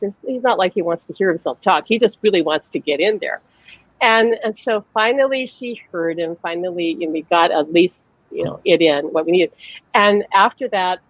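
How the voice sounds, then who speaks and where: A woman's voice: fairly low pitch, moderate pace, no echo, highs cut off. A woman psychic medium hosting a casual live-stream chat, telling a story animatedly and laughing often as she acts out quotes.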